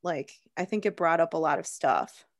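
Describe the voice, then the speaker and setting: A woman co-hosts a podcast in relaxed chat, laughing often and rambling through fillers. She sounds a little groggy. The voice is dry and close. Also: deep voice, moderate pace, dry recording. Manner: giggly, rambling, with frequent fillers. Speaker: podcast co-host.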